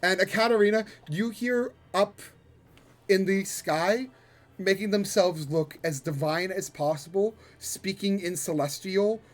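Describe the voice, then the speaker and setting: High-pitched guy gm-ing a tabletop game, slow unhurried narration, lots of ums. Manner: descriptive, halting with fillers and swears. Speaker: game master.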